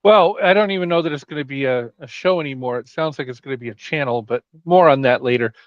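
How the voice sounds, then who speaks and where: A man's voice: mid-range voice, quick pace, no room sound, muffled recording. A man co-hosting a casual podcast, joking around in a playful way. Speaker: podcast co-host. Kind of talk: casual chat.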